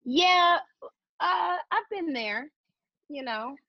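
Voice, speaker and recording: A woman's voice: very high-pitched, lively intonation, very slow, no echo. A woman co-hosting a casual podcast, talking in a laid-back, blunt, drawling way. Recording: dry, slightly dull lo-fi sound.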